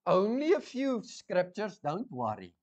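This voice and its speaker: A man preaching a sermon, teaching slowly, repeating key words and asking the congregation questions. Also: high-pitched, wildly swooping pitch, a little mellow, lo-fi sound.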